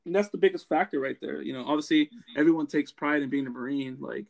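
A man's voice: fairly high pitch, fast, vocal fry. A man from California, a former Marine, ranting bluntly in casual chat with heavy profanity.

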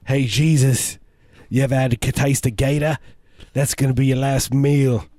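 A man's voice: medium pitch, flat delivery, moderate pace, mellow, dry recording, voice pushed up, natural voice. A man voicing a brash Australian crocodile hunter barking orders in a put-on Australian accent. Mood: bossy.

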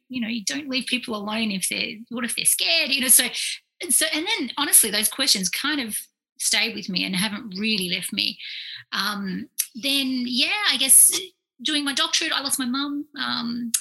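A woman, a clinical psychologist, telling stories in a casual, animated way, full of fillers and quoted asides. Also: fairly high pitch, creaky, low-quality recording. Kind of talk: casual storytelling in conversation.

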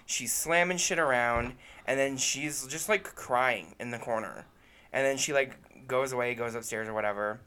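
A man's voice: mid-range voice, moderate pace, bright, forceful tone. A man co-hosting a podcast in casual chat, telling profane, heated stories with many fillers. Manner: profane, heated storytelling, often trails off with fillers. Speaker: podcast co-host.

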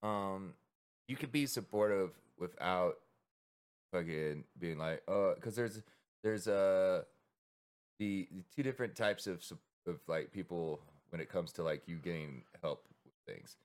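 Man, podcast co-host, casual chat, rambling, swears a lot, fairly low voice. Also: unhurried. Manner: rambling, swears, acts out quoted people.

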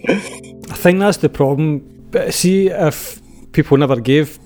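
A man's voice: on the high side, slow pace, a little mellow, faint music behind. A Scottish man chatting casually, earnest and a bit rambling as he makes his point. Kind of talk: casual banter.

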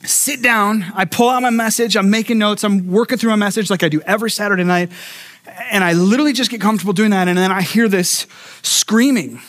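High-voiced animated man preaching. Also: brisk. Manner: animated storyteller who acts out quotes and repeats words. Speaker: pastor. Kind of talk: sermon with personal storytelling.

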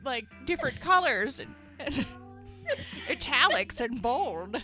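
Woman in her 30s, podcast co-host, unhurried, giggly, salty mouth, faint music under. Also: sits high, sing-song, pushed and bright. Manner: laughs often, swears casually. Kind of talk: casual chat.

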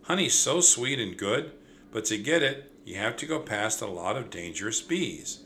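A man's voice: mid-range voice, animated, moderate pace, pushed and bright, a little hiss or hum, pitched above the performer's own voice. A man voicing an eager, cheerful young girl in a storybook reading.

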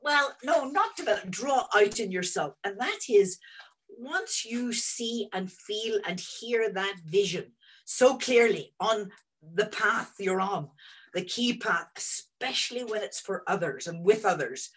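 A woman in her sixties, a guest telling students about her career in an animated, rambling way from home over a video call. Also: mid-range voice, measured pace, slightly rough, rough recording. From Northern Ireland. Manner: animated and rambling, many restarts. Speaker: interview guest, energy executive. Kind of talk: reflective storytelling to students.

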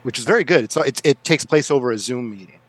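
A man talking as a guest on a movie podcast, rambling and animated, with restarts and laughs in casual chat. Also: mid-range voice, fast.

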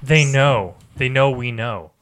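A man's voice: medium pitch, slow, a bit bright. A young man co-hosting a casual podcast, tossing in playful wisecracks. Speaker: podcast co-host. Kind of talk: casual chat.

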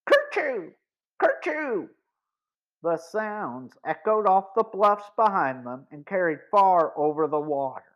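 A man narrating a boys' mystery audiobook in a measured, deliberate reading. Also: on the high side, a bit bright. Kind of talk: scripted story narration. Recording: dull lo-fi recording.

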